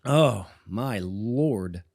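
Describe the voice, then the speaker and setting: A man's voice: on the low side, expressive, very slow, gravelly, darkish tone, dry recording, clean studio sound. A man in his forties from Boston, co-hosting a podcast and telling a long personal story in a meandering way, chuckling often. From Boston, USA. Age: 40s. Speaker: podcast co-host. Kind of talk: casual storytelling.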